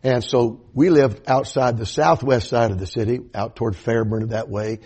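Older Southern US preacher with a husky voice. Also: male voice, mid-range voice, fairly even intonation, moderate pace, darkish tone. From Atlanta area, US South. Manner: folksy storytelling, punctuated with amens. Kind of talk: sermon.

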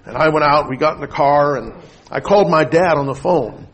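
A middle-aged man preaching a sermon, telling a personal story with rising excitement and reading scripture aloud. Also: fairly high pitch, a little fast. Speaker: pastor.

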